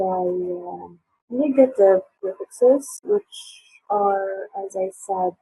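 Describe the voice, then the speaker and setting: Slow husky woman teaching over a tinny line. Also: mid-range voice, mellow, no echo. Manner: hesitant, many fillers and restarts. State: sore voice. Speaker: English teacher. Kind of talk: online English lesson.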